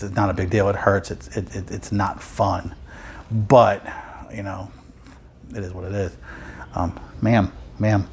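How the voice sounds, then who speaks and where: A vinyl collector vlogger tells a long personal story at home, rambling and wry, frequently breaking off and starting again. His voice is on the low side, with slight background noise.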